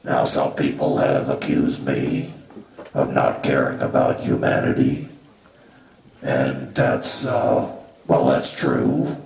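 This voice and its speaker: A man with a bass voice performs stand-up as a crude, callous male god who mocks his worshippers, swaggering and crude throughout. His delivery is sing-song and slow, with a gravelly, darkish tone and a full character voice. The recording comes from far off in a roomy live venue, with audience noise.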